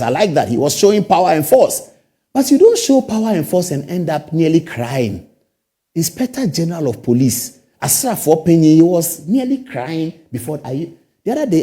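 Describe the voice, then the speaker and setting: A man's voice: on the high side, mellow. A Ghanaian man hosting a talk show, giving indignant commentary full of rhetorical questions and repeated phrases. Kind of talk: studio commentary.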